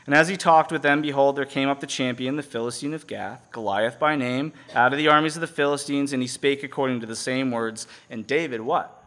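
Man, preacher, lively sermon, bright ringing tone, casual asides, calls for audience answers. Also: medium pitch, fairly quick. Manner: animated, conversational, asks the audience to fill in words; acts out scripture characters with casual paraphrase. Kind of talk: sermon reading and explaining scripture.

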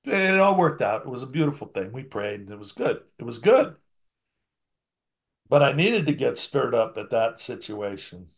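A man preaching a sermon to his congregation, reading scripture aloud and commenting in a conversational way, moving between emphatic bursts and quiet asides. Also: medium pitch, big pitch swings, normal speed, gravelly.

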